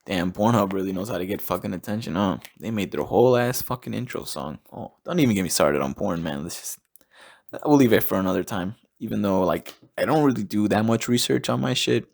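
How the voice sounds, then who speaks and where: A man's voice: on the low side, expressive, fairly quick, vocal fry. A young man hosting his own podcast, rambling in a casual monologue full of swearing and laughing at his own jokes. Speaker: podcast host.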